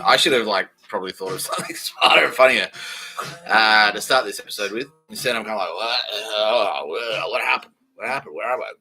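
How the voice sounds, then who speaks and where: Male comedy podcast host. Low-set voice with very animated pitch, loose and jokey, music audible under him. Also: low-quality recording. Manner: rambling, jokey, swears, laughs at own jokes.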